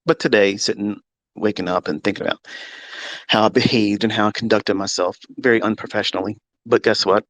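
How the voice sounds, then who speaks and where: A middle-aged man hosting a live audio chat as a trading mentor, talking unscripted from his home basement in a profane, combative way that swings into loud tirades. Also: lowish voice, steady tone, brisk.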